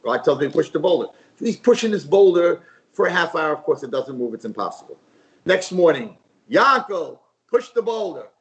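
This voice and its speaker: A man, a rabbi, telling a parable as a guest on a talk show, lively and repetitive. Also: on the high side, fairly quick, poor audio. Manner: animated storyteller, repeats phrases.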